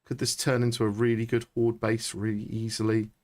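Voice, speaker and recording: A man, chatting excitably and thinking aloud during live gameplay commentary. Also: mid-range voice, a little fast. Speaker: streamer.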